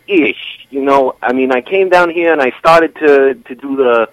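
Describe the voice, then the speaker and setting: A man, calling in to a radio show and arguing with the hosts, hesitant at first and quickly indignant. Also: mid-range voice, no room sound, poor audio. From New York. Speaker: caller. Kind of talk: casual radio banter.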